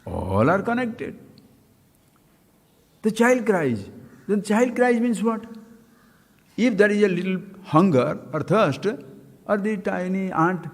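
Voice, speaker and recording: A man's voice: high voice, sing-song, slow pace, pauses often, long reverb tail. A man giving a spiritual talk, asking his listeners questions and repeating key phrases to stress them. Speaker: spiritual teacher. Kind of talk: live-streamed spiritual talk.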